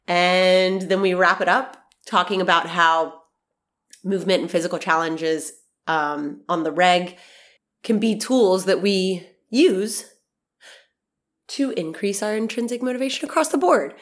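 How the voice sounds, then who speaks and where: A woman in her thirties hosting a podcast in a casual monologue, bubbly and chatty, with a stuffy, nasal voice from allergies. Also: lowish voice. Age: 30s. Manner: bubbly, chatty, swears casually, laughs often. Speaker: podcast host.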